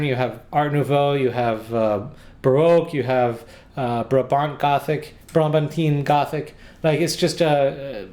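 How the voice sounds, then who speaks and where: A man's voice: medium pitch, darkish tone. An American man talking about his travel guidebook in a casual, rambling way, with sarcastic jokes and frequent restarts. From United States. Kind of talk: casual rambling vlog talk.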